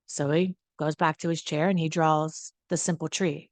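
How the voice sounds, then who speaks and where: A woman host telling a story in a casual, animated way, chatty and prone to repeating herself. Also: low-pitched, normal speed, few pauses, no room sound.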